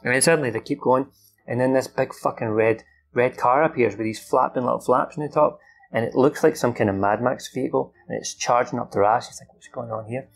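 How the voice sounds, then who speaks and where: Young male host, gravelly, swears and acts out lines, unscripted recap. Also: medium pitch, fairly quick, faint music behind. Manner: rambling, swears freely, acts out the characters' lines. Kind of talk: unscripted film recap from memory.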